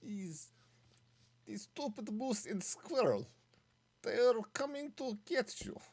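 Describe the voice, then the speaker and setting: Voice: medium pitch, very animated, takes it slowly, darkish tone, breathy edge, voice pushed up, exaggerated voice. A streamer doing a hammy cartoon villain with a fake accent. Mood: hammy menace. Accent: put-on fake foreign accent. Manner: menacing, hammy, broken grammar. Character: scheming male cartoon villain, bumbling spy.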